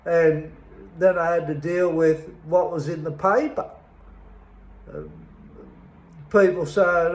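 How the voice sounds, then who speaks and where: A middle-aged man with an Australian accent speaks slowly and deliberately, leaning hard on his words with a bitter edge. His voice sits a little higher than most men's, and the sound carries the echo of a bare room. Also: fairly even intonation. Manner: slow, emphatic, bitter, pausing often. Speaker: interviewee telling his life story. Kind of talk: personal testimony.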